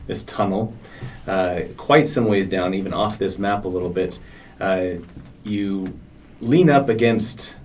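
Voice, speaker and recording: Guy running a d&d game in a game store, lowish voice, lots of ums, bit of store noise. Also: darkish tone. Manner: hesitant, lots of ums and uhs. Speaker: game master. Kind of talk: narrating a tabletop game.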